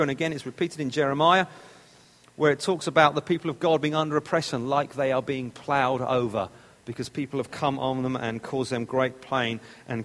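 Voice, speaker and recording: A man's voice: medium pitch, a bit bright, big-room sound. A man preaching a sermon, explaining a text step by step and repeating phrases for emphasis.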